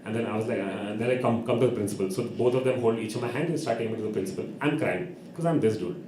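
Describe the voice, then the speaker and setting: A man's voice: on the low side, racing. A young man telling a comic story at an open mic and acting out the people in it. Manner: animated, acts out voices of people in his story. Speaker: open mic performer and host. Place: performance venue. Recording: echoey room with background noise.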